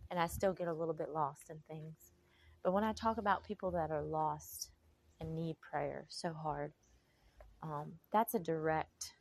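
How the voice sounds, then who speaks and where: A middle-aged woman giving an emotional personal testimony, slow and heartfelt with faith-filled sighs and pauses. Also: low-pitched, creaky, slight background noise. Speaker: vlogger.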